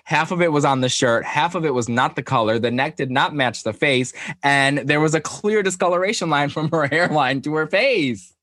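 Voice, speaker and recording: A man in casual chat, campy and profane with quick jokes. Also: fairly high pitch, a bit bright, no room sound, clean studio sound.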